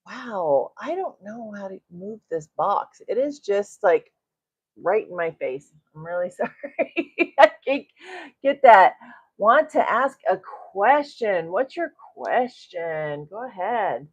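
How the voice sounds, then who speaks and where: A woman's voice: medium pitch, big pitch swings, takes it slowly, husky, dull audio. A middle-aged woman coaching a live-streamed self-development class, greeting viewers and often tagging her points with "right?" and a chuckle.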